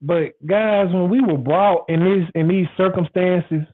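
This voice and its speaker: High-voiced man with tinny phone-like sound. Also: measured pace. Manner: rambling, repetitive, frank and emphatic. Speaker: show host. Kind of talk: casual monologue.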